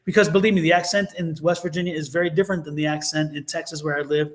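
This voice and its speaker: Man with a Baltimore accent, high-pitched voice, chatty, playful co-host, rambles with restarts. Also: fairly even intonation, fast. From Baltimore, Maryland. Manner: chatty, playful, repeats words and restarts often. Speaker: tarot reader and co-host. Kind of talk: casual chat.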